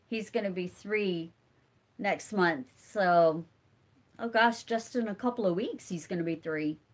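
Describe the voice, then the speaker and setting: Hosting a relaxed live stream for her homesteading channel, a middle-aged woman with a stuffy nose speaks in a mid-range voice at a measured pace. She responds to viewer comments as they come in while chatting.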